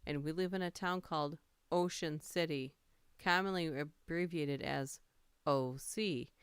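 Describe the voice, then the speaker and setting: A woman's voice: low voice, measured pace, clear, resonant tone, no room sound. A woman hosting a casual livestream, reading funny stories aloud, laughing and greeting her chat.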